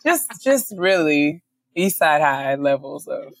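A woman's voice: low voice, sing-song, slow pace, no room sound. A young woman co-hosting a casual chat podcast, joking and laughing often as she tells stories. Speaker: podcast co-host.

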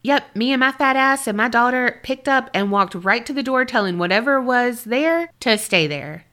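A woman podcast co-host reading a listener's paranormal story aloud and chatting, expressive and jokey. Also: on the high side, moderate pace.

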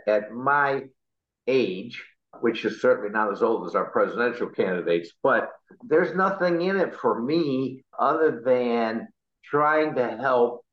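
A middle-aged man speaks with earnest, impassioned conviction, his voice close to choking up at times. The sound is roomy and a little dull, with an echo around him. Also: medium pitch. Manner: impassioned, patriotic, choked up at times. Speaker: interview guest, party chair candidate. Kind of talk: earnest political interview.

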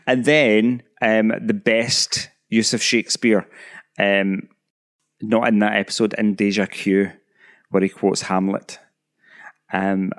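A man with a fairly low voice chatting casually as a podcast co-host. He rambles a little, trails off and makes fun of himself. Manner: rambling, self-deprecating. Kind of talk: casual chat.

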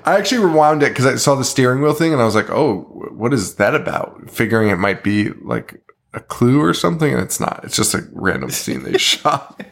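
A man's voice: medium pitch, a little fast, creaky. A man co-hosting a horror podcast, casually recapping a film with lots of laughter and swearing. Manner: laughing often, swearing, animated storytelling. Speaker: podcast co-host.

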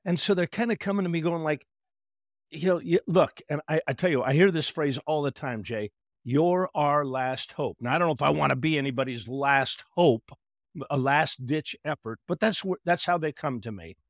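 A man, a therapist guest on a podcast, telling stories in an animated way and acting out conversations with clients. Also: on the high side, a little fast, dry recording, clean studio sound. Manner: animated storyteller, acts out client dialogue. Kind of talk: podcast interview.

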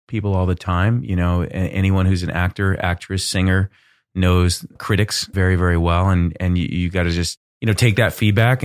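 A man's voice: sits low, no room sound, clean studio sound. A man co-hosting a conversation, speaking in an easygoing, encouraging way with plenty of casual fillers. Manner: encouraging, easygoing, lots of "like" and "you know". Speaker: podcast co-host.

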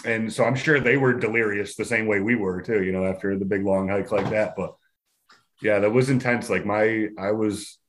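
A man telling a story in a casual podcast chat, animated, laughing often and acting out the voices in it. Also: lowish voice, normal speed, slight background noise. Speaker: podcast guest.

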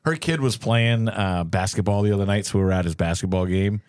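A man's voice: fairly low pitch, brisk, darkish tone, smooth, no echo, clean studio sound. Joking man telling stories on a podcast. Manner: storytelling, acts out quotes, joking. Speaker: podcast co-host. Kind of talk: casual true crime podcast chat.

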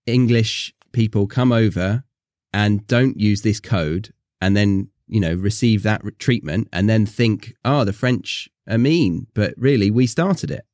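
A man's voice: lowish voice, a little slow, darkish tone, dry recording, clean studio sound. A man hosting a podcast, asking easygoing questions and reading questions from a list. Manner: easygoing, asks questions and reads out listener questions. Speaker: podcast host. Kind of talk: casual podcast interview.

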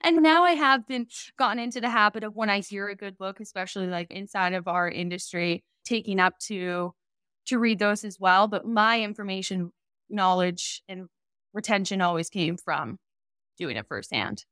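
A woman's voice: medium pitch, expressive, moderate pace, a bit bright, clean tone, no room sound, studio quality. A woman in her twenties, a guest on a podcast, chatting candidly about starting her business. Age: 20s. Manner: chatty, candid, playful banter. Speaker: guest, vacation rental business owner. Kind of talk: casual podcast interview.

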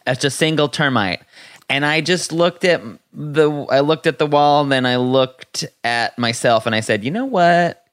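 A man hosting a podcast in casual chat, playful and campy, reacting quickly. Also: medium pitch, fairly even intonation, a bit bright, clear, resonant tone. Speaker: podcast host.

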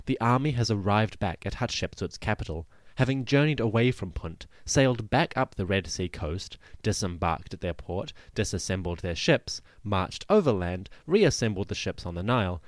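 Male history podcast host: low voice, animated delivery, dry close sound, wry asides. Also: dry recording. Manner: lively storytelling with wry asides. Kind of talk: scripted history narration.

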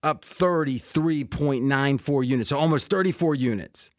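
An American man hosting a sports betting podcast, chatting casually and joking as he pitches betting packages with a salesman's energy. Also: normal speed, dry recording, clean studio sound. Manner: upbeat salesman-like, joking, laughs often. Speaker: podcast host.

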